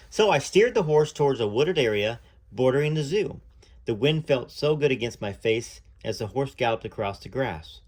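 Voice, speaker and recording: A man reading a first-person story aloud in a measured way, now and then pausing to add his own asides. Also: mid-range voice, expressive.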